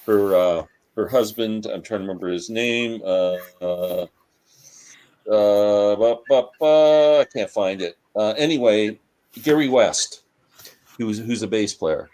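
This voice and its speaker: A man's voice: on the low side, a little slow, a little mellow. A man chatting casually on a video call, who trails off with uhs while he searches for names. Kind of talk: casual conversation.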